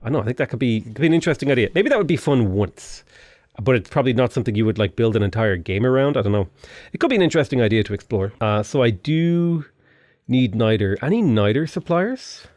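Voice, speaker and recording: A young Irish man giving playful, excitable commentary over a strategy game, full of jokey asides. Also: medium pitch, fast talker, no echo, clean studio sound. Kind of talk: casual gameplay commentary.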